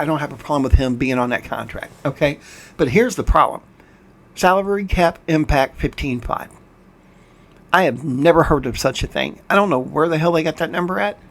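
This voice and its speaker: A man's voice: a little high, fairly bright tone. An older man hosting a gaming channel, commenting on a game while playing, frustrated and ranting, often stumbling and restarting his words. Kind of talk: game commentary over screen capture.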